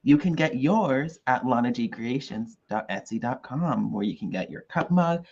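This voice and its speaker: A woman co-hosting a podcast, sarcastic and playful. Her husky voice swings widely in pitch, and the recording sounds a little dull. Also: expressive, moderate pace, darkish tone. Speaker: podcast co-host. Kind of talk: casual chat.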